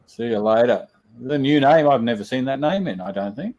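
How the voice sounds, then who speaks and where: A man's voice: medium pitch, expressive, brisk, darkish tone, lo-fi sound. A man co-hosting a casual livestream over a video call, friendly, reading out viewer comments and chatting. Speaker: livestream co-host reading chat.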